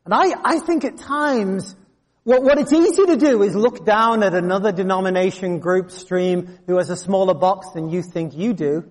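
Male pastor, high voice, storytelling sermon with humor, long hall reverb. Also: moderate pace. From England. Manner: storytelling with bursts of humor, animated asides.

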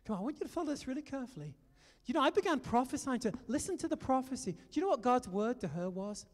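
A British man preaching a sermon, telling stories and urging his listeners on in an animated way. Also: very high-pitched, rapid-fire, big-room sound. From Britain. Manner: animated storytelling, exhorting the audience.

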